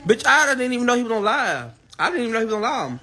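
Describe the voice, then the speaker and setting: A person ranting to the camera on a livestream, fast, profane and insulting. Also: mid-range voice, big pitch swings, bright, forceful tone.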